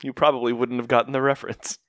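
A man's voice: medium pitch, little pitch movement, fast talker, no room sound, clean studio sound. A man casually recapping an anime episode with a co-host, rambling and joking as he goes. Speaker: podcast co-host.

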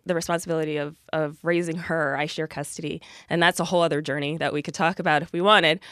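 A woman with a somewhat low voice talks earnestly and reflectively as a podcast guest. Her tone is heartfelt. The sound is dry and close, with no room around it. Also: clear, resonant tone, no echo. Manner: gives frequent soft affirmations while listening. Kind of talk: reflective interview talk.

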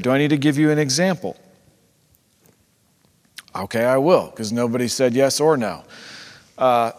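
A male pastor delivering a sermon in a conversational, animated way, acting out the people he quotes. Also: medium pitch, normal speed, pauses often. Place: church sanctuary. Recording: long reverb of a church hall.

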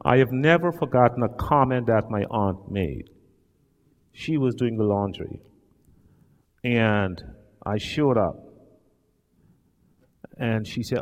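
A man preaching a sermon in a large church hall, talking emphatically and dramatically with sudden loud swells. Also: mid-range voice, sing-song, slow, long pauses. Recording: long hall reverb.

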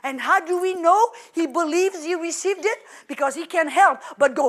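Animated woman preacher, very high voice, exclamatory. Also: normal speed, very noisy. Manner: animated and exclamatory, many fillers. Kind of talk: sermon.

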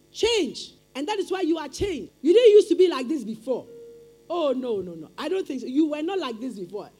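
A woman's voice: sits high, mellow. A woman preaching a sermon with emphatic, repetitive call-and-response phrasing.

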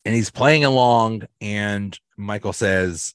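Guy hosting a podcast, lowish voice, rambles and restarts a lot, dry close sound. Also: no room sound. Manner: rambling, halting with many fillers and restarts. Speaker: podcast host. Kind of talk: casual recap of sitcom episodes.

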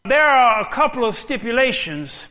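A man's voice: extremely high pitch, sing-song, normal speed, pushed and bright, exaggerated voice. A man voicing a big, strong genie who speaks stiffly and ceremoniously. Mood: formal.

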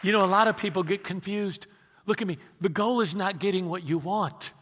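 A man's voice: high voice, brisk, fairly bright tone, a faint crowd, slight background noise. A man in his sixties, a pastor preaching an emphatic sermon and rallying his congregation with questions. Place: large church sanctuary. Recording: long reverb of a large hall.

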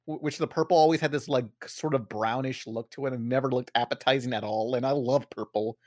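Male podcast co-host, mid pitch, dry close sound, rambling nostalgic chatter. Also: steady tone, a little fast, darkish tone, dry recording. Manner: laid-back, rambling, nostalgic asides. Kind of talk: casual chat.

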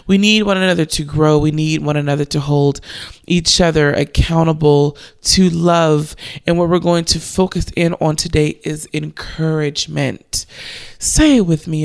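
A young woman hosting a devotional podcast, talking earnestly and encouragingly with slow emphasis. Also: on the low side, vocal fry, smooth. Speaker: podcast host.

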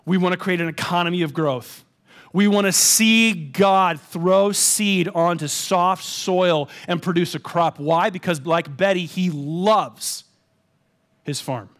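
A man, a pastor telling a story in a casual, animated, self-deprecating way during a sermon. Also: high voice, takes it slowly.

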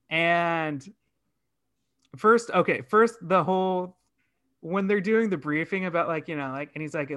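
High, bright male co-host; casual film chat, animated and profane. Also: normal speed, clear, resonant tone. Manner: animated, swearing, acts out his own reactions.

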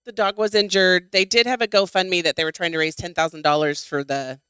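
Middle-aged woman, chatty co-host, smooth bright tone, close dry mic. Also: fairly low pitch, fairly even intonation, a little fast, no room sound. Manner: chatty, swears freely, many ums. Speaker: podcast co-host. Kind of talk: casual chat.

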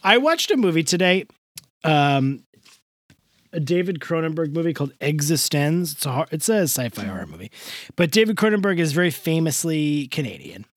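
A man's voice: fairly high pitch, very animated, normal speed, no room sound. A man co-hosting a podcast in casual, jokey chat, swearing often. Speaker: podcast co-host.

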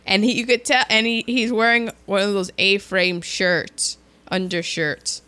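A woman in casual chat, recapping a film with animated storytelling. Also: mid-range voice, a little slow. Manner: animated storytelling, acts out quoted lines, laughs often.

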